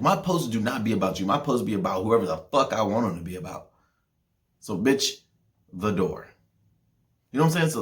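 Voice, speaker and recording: A young man hosting a podcast, ranting in a heated, profane way, with loud outbursts and low mutters. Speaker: podcast host.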